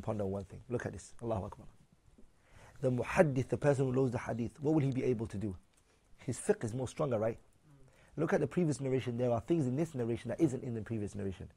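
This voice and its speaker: A man's voice: medium pitch, vocal fry, dark tone, slightly rough. A man giving a religious lesson, taking points one by one, reading them out and explaining them, often asking his listeners questions. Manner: switches between English and Arabic readings. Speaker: Islamic teacher.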